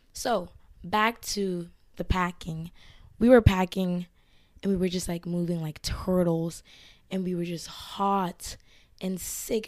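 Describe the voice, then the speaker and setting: A young woman hosting a casual podcast, hoarse from losing her voice to illness, rambling with lots of fillers. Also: medium pitch, a little mellow, dry recording. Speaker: podcast host. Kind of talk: casual chat. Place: indoors, filmed for a video podcast.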